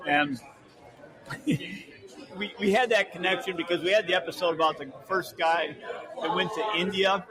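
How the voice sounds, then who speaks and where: A man's voice: on the high side, low-quality recording. Joking man co-hosting a podcast. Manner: joking, teasing, laughs often. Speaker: podcast co-host. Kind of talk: casual podcast banter.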